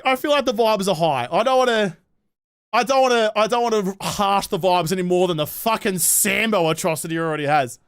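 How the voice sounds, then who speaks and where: A young Australian man streams a game and riffs with his chat, swearing freely and rambling sarcastically. His voice sits high for a man, and the sound is close and dry with no room around it. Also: fairly bright tone, no room sound. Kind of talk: casual gameplay livestream chat.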